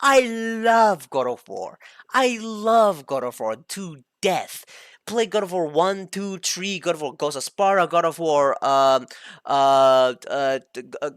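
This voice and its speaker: A woman's voice: lowish voice, a little slow, dry recording, studio quality. A woman streamer ranting in a heated, emphatic casual monologue, swearing often.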